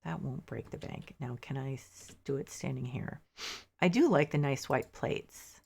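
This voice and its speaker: As she plays, a sleepy, yawning woman streamer chats casually with her viewers in a low, gravelly, mellow voice. She's a little slow, thinking aloud in casual gameplay commentary and dropping mildly exasperated asides.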